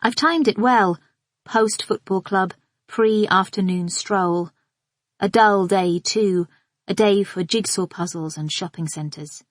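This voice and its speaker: A woman's voice: medium pitch, dry recording. Woman narrating in a dry, close read. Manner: measured, observant, inward. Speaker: audiobook narrator. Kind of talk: scripted first-person narration.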